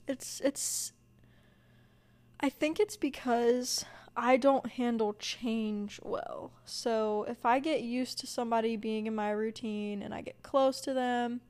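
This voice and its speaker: A young woman with a Southern US accent hosts a solo podcast in a casual, rambling way. Her voice sits a little high, and she pads her thoughts with fillers as she laughs at herself. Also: a little mellow. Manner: rambling, filler-heavy, self-deprecating. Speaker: podcast host.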